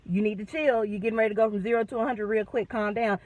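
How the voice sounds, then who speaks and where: A woman's voice: medium pitch, steady tone, fast talker, a little mellow, no room sound, distant mic, natural voice, low-quality recording. A woman voicing the Holy Spirit as a blunt, no-nonsense male spirit who scolds her in curt, casual slang. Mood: scolding.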